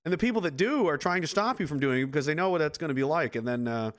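A man's voice: on the high side, very fast. A man hosting a casual podcast chat, rambling and swearing as he tells stories. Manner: rambling, profane, animated storytelling with acted quotes.

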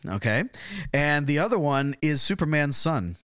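A man's voice: a little high, sing-song, moderate pace, a bit bright, no echo, clean studio sound. A man co-hosting an improvised comedy podcast, playful and teasing, sometimes breaking into sing-song. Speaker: podcast co-host.

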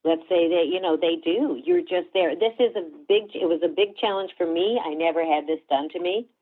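A woman's voice: on the low side, brisk, slightly rough. A woman working as a parenting coach, explaining step by step to an interviewer over a remote call. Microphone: remote video call. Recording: tinny phone-like call audio.

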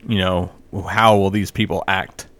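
A man's voice: low voice, steady tone, measured pace, a bit bright, no echo. A man co-hosting a podcast in casual political chat, blunt and profane, leaning on "like" as filler. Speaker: podcast co-host.

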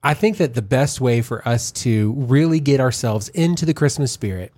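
A man's voice: medium pitch, expressive, moderate pace, a little mellow, slight background noise. A man co-hosting a faith podcast in casual chat, rambling with many fillers and restarts, joking and teasing. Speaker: podcast co-host.

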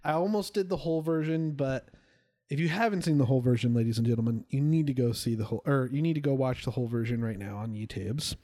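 A man co-hosting a podcast in casual chat, enthusiastic and quick to laugh. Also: mid-range voice, warm tone. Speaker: podcast co-host.

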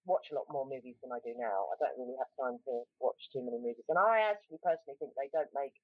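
A woman's voice: rumbling low, lively intonation, fast talker, slightly rough, no echo. Rambling South London woman on a tinny line. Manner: rambling, frequent ums and restarts. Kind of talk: casual chat, storytelling. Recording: tinny phone-like line, dry.

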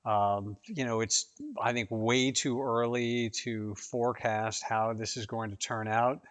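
Man, podcast guest, measured, hesitant, lots of fillers. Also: medium pitch, little pitch movement, fairly bright tone. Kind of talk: casual podcast discussion.

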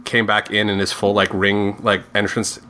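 Bright-voiced man rambling on a podcast. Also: on the low side, completely flat delivery, normal speed, faint music behind. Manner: rambling, lots of likes and restarts. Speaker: podcast co-host. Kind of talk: casual chat.

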